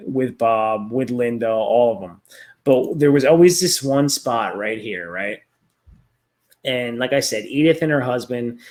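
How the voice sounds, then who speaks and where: A man chatting casually about a favorite cartoon, rambling, laughing often and swearing freely. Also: mid-range voice. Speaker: vlogger reviewing a cartoon series. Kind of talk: casual chat.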